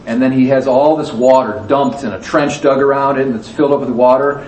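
With a steady, darkish, medium-pitched voice, a man teaches a Bible lesson a little fast and with few pauses, chatting with the class, asking questions, and performing the quotes. The sound is echoey and distant-miked, with faint noise behind.

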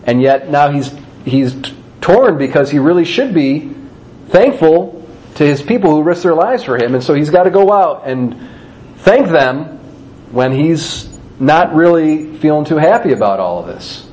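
A man's voice: fairly high pitch, animated, measured pace, darkish tone, poor audio. A man teaching a Bible passage in a casual, storytelling way, retelling events and reading scripture aloud.

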